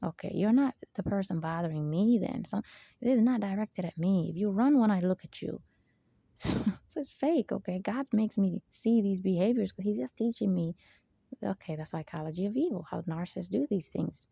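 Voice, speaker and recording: A woman's voice: medium pitch, animated, moderate pace, vocal fry, mellow, slightly rough, dry recording. A woman hosting her own channel, talking in an emphatic, rambling spiritual monologue full of asides. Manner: emphatic, digressive, frequent "there you go". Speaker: channel host.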